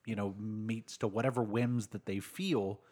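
A man co-hosting a casual book podcast, musing out loud and thinking through ideas with restarts. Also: lowish voice, fairly even intonation, a little slow. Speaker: podcast co-host.

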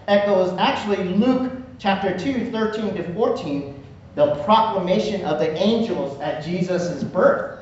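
A man's voice: sits high, lively intonation, unhurried, a little hiss or hum. A man preaching a conversational sermon, often checking in with "right?". He is recorded from far off in an echoey church hall with dull sound. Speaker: pastor.

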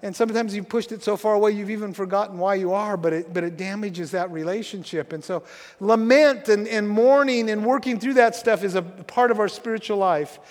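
A middle-aged male pastor preaches in a high voice in a church sanctuary, conversational and halting with many restarts. In tender passages he goes soft and quiet, and the sanctuary adds a long reverb.

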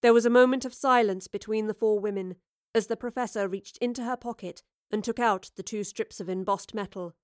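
A woman reading a story aloud in a steady, even narration. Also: medium pitch, brisk, no room sound, studio quality. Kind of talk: audiobook narration.

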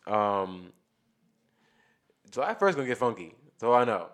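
A man's voice: lowish voice, big pitch swings, normal speed, fairly bright tone. A man co-hosting a podcast, talking sports casually and thinking aloud as he goes. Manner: loose, rambling, thinks aloud with restarts. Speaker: podcast co-host.

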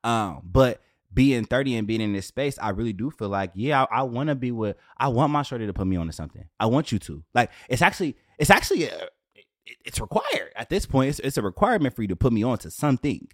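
A man in his late twenties talking casually as a podcast host, animated and profane with streetwise slang, in a dry room on camera. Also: mid-range voice, fast, dry recording. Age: 20s. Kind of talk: casual solo rant.

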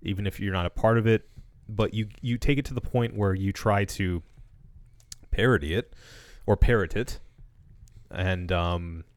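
A man co-hosting a podcast in casual chat, making dry, sarcastic asides at a deliberate pace. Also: fairly low pitch, dry recording. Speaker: podcast co-host.

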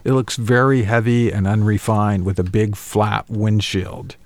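A man with a low, gravelly voice hosts a casual radio talk show. He steers the conversation with questions and drops dry, wry remarks. The sound is close and dead, with no room around it. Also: level tone, a little slow, darkish tone, dry recording. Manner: prompting, dry quips. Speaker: host.

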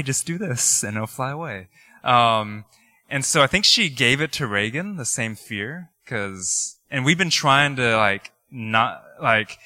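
In a mid-range voice, a male pastor tells personal stories through his sermon, keeping things conversational and lively with laughter and many filler words. There's no room sound on the recording.

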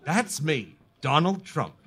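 A man reading a blustering male president in a comedy sketch, in his own lively voice. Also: fairly high pitch, slow, breathy edge, exaggerated voice. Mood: boastful. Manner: read from a script, mock-boastful.

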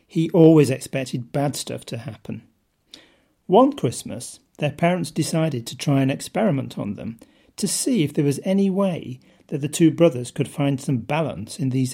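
A man's voice: medium pitch, gravelly, dark tone, slightly rough. A man giving a short scripted devotional talk, telling a story and asking rhetorical questions. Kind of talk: scripted sermon-style talk.

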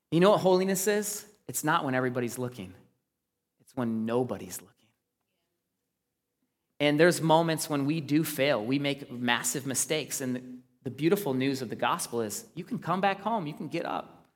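Earnest male preacher with a slightly high voice, moving from loud emphasis to hushed asides, heard in a reverberant church hall. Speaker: pastor. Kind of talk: sermon.

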